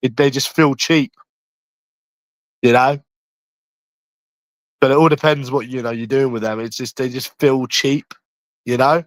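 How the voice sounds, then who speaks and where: A man's voice: medium pitch, fairly even intonation, unhurried, long pauses, dry recording, poor audio. A man with a London accent, chatting casually on a live stream from a room at home, brash and rambling with heavy swearing.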